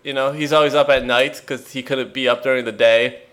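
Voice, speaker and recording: A man's voice: medium pitch, fairly even intonation, a little fast, fairly bright tone. A man co-hosting a podcast in casual chat, rambling and joking, trailing off into fillers. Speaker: podcast co-host. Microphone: remote call mic.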